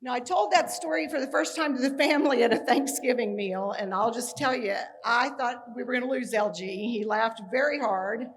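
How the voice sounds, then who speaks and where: A woman's voice: fairly high pitch, moderate pace, few pauses, slight background noise. A middle-aged woman from Kansas giving a personal tribute speech, full of humorous stories with acted-out dialogue. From Kansas, USA. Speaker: speaker at a tribute ceremony.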